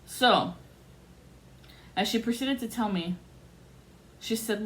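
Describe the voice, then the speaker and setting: A woman's voice: on the high side, slow, a bit bright. A woman telling a personal story in a blunt, casual way, acting out the voices of the people she quotes. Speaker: podcast host telling a story. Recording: faint background noise.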